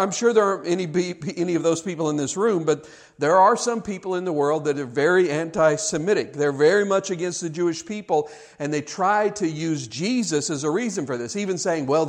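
A man preaching a sermon to his congregation in an earnest, searching way. His voice sits a little above the usual male pitch, and he keeps restarting words and firing rhetorical questions at his listeners. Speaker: pastor.

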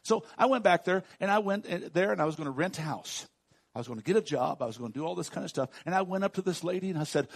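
Older pastor with a Texan accent, husky and raspy, folksy sermon delivery. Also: male voice, high voice, expressive, quick pace. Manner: swings from soft to loud, folksy.

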